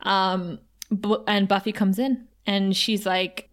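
A young woman co-hosting a podcast, recapping a TV episode in a chatty, animated way and quoting the characters. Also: medium pitch, a little fast. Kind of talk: casual chat.

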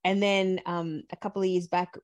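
A woman from Latin America, a podcast guest, chatting in an animated way with many fillers and restarts. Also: lowish voice, normal speed. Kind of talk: casual interview chat.

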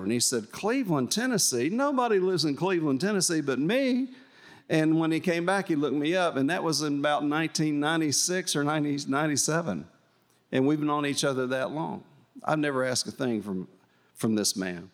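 A man's voice: a little high, a little fast. An older man preaching, telling a folksy, emotional testimony with fillers and restarts. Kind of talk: sermon storytelling.

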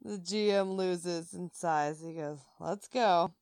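A podcast co-host tells a story in casual conversation, her lowish voice clear and resonant at a slow pace. She's an animated storyteller who acts out the voices of the people involved and laughs often, and the recording is dry, clean studio sound.

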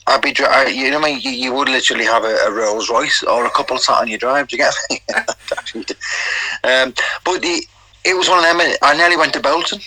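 A man's voice: medium pitch, fairly quick, pushed and bright, no echo, rough recording. A middle-aged man with a Geordie accent, a former footballer telling rambling stories in an interview, full of quoted dialogue and restarts. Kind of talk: casual interview storytelling.

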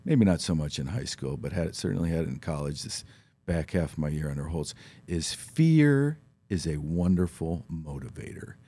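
Man in his fifties, from Ohio, low voice, husky, studio guest, lively storyteller acting out quotes. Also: moderate pace. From Ohio, USA. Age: 50s. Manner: animated storyteller who acts out quoted voices. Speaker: studio guest, former football player. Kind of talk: casual talk show storytelling. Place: radio studio.

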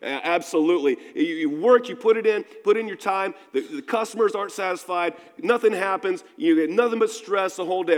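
A man's voice: sits high, a little fast, few pauses. A man preaching a sermon in a conversational, storytelling manner, with frequent restarts. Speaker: pastor. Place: church sanctuary. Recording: long reverb of a church hall.

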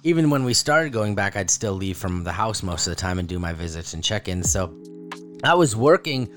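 A man on a podcast in casual chat, telling stories with lively acted-out quotes and free swearing. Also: a little fast, faint music behind. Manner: animated storyteller, jumps high when acting out quotes; swears freely. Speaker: podcast co-host.

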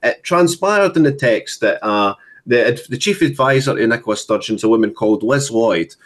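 A man's voice: medium pitch, lively intonation, normal speed. Scornful Scottish man with many uhs. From Scotland. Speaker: political activist guest. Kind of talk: casual political commentary.

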